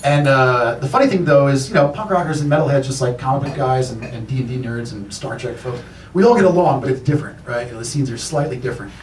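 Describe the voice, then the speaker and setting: A man doing a stand-up comedy set, telling stories in a rapid, profane, mock-indignant way on a club stage. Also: medium pitch, far from the mic, a little hiss or hum. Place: comedy club stage before a laughing crowd. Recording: roomy club sound, audience laughter.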